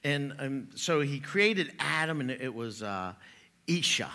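A man's voice: medium pitch, expressive, a little slow, pushed and bright. A middle-aged man preaching a sermon, chatty and joking, laughing at his own jokes before turning to scripture. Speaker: pastor.

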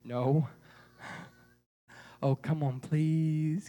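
A man leading a children's church puppet show, animated and coaxing as he tells a story to the kids. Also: fairly high pitch, moderate pace.

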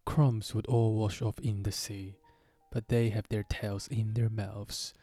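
A man's voice: lowish voice, little pitch movement, takes it slowly, warm tone, dry recording, soft background music. A man voicing a sulky, easily offended Mock Turtle creature in a storybook reading, insistent and touchy.

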